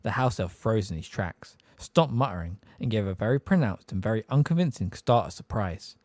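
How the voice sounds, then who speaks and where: A man narrating an audiobook with an expressive, varied reading. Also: on the low side, moderate pace, no room sound, clean studio sound.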